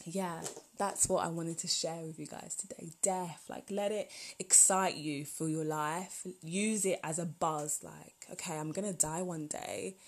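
A woman's voice: deep voice, fairly even intonation, unhurried. A woman, hosting a solo podcast in a chatty, rambling, heartfelt way. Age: 20s. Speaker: podcast host. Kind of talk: casual solo podcast talk.

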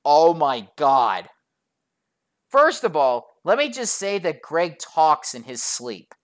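A woman's voice: low voice, very animated, unhurried, fairly bright tone. A woman narrating a storytime vlog in a profane, sarcastic, exasperated way.

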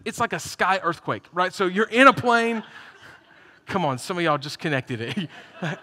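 A man preaching a sermon to a live congregation, telling stories with energy and building to loud, emphatic peaks. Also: high voice, expressive, fairly quick. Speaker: pastor. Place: church hall, live congregation. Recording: reverberant church hall.

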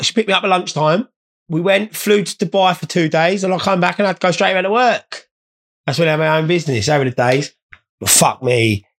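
A man telling rambling, sweary comic anecdotes in a blokey way. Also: fairly high pitch. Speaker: storyteller. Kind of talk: comic storytelling.

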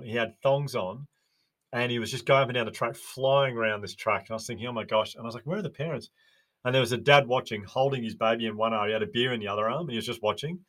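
Lively Australian man telling stories. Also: medium pitch. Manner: animated storyteller, acts out quoted voices. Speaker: podcast guest, resilience educator. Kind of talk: casual interview chat.

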